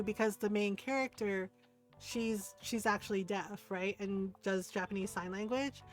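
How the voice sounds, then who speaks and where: A woman streamer chatting casually while playing a game, gushing and rambling with lots of "like" and "right?". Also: medium pitch. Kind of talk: casual chat while gaming.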